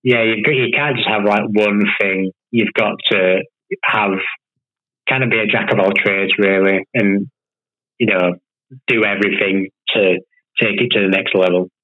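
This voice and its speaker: A man's voice: fairly low pitch, steady tone, measured pace. Laid-back male comedian on a dull call line. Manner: laid-back, many fillers and hedges. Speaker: guest comedian. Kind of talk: casual chat interview.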